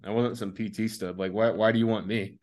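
A man's voice: fairly low pitch, steady tone, fairly quick, a little mellow. A man, an army veteran, chatting casually on a podcast in an easygoing, rambling way.

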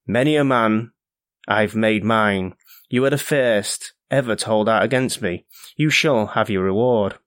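A man voicing a tall, commanding wild huntsman spirit from a folk tale, in a slow and deliberate storybook reading. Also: fairly low pitch, a bit bright, dry recording, studio quality. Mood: challenging.

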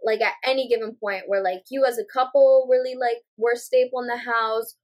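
A woman's voice: fairly high pitch, steady tone, brisk, a little mellow. A woman co-hosting a podcast, reasoning aloud in casual chat with many fillers. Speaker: podcast co-host.

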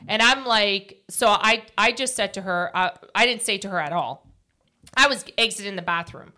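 A woman's voice: medium pitch, moderate pace, bright, forceful tone. A woman co-hosting a casual podcast, telling stories and acting out quotes. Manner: chatty storyteller, acts out quotes. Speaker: podcast co-host.

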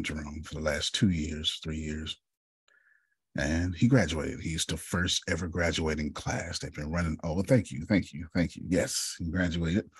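A man speaks to a group in a very deep, somewhat husky voice, recorded close and dry. He tells personal stories in a loose, conversational way, calling on listeners by name. He clears his throat often. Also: dry recording. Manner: storytelling, calls listeners by name. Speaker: speaker leading a group session. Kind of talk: motivational talk to a group.

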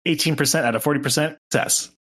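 A man's voice: fairly high pitch, fast talker, a bit bright, slightly rough. Playful male tabletop player. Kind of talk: casual tabletop play.

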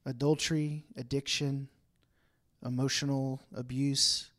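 A man's voice: medium pitch, little pitch movement, a little slow, a bit bright. A man preaching a conversational sermon to a congregation, acting out bits of everyday dialogue as he talks. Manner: chatty, acts out everyday dialogue in asides. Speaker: pastor. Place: room with a congregation.

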